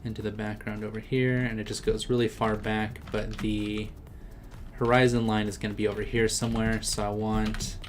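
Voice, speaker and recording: A man's voice: fairly low pitch, little pitch movement, moderate pace, slight background noise. A man chatting casually on a live stream as he draws, talking through his work and laughing often. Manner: chatty, laughs often, reads chat aloud. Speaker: artist streaming his drawing. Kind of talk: casual live-stream chat while drawing.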